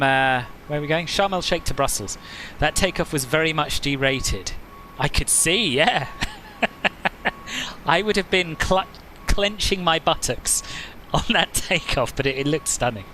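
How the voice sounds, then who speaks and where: A man's voice: a little high, unhurried, sharp tone, a little hiss or hum. A man hosting a flight simulator live stream, chatting casually, answering viewers' comments and laughing often.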